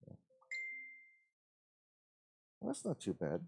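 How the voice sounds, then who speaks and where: A man's voice: slow pace, warm tone, no echo, studio quality. A man hosting a live model-building stream, chatting casually and rambling to himself as he works, in an easygoing, folksy way. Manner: rambling, talks to himself while working.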